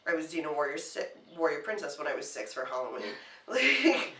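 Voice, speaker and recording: A woman co-hosting a casual chat, animated and often restarting her sentences. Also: low voice, quick pace, slight background noise. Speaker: co-host. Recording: echoey room, mic at a distance.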